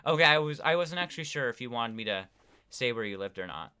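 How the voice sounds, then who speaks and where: A man's voice: mid-range voice, expressive, fast, bright, forceful tone, smooth. A man live-streaming a building game, chatting casually to viewers with lots of fillers. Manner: rambling, talks to chat with many fillers. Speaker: gaming streamer.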